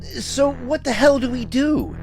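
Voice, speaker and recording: A man voicing a nervous young man who talks in an anxious, squeaky voice in an audiobook. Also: huge pitch swings, moderate pace, music in the background.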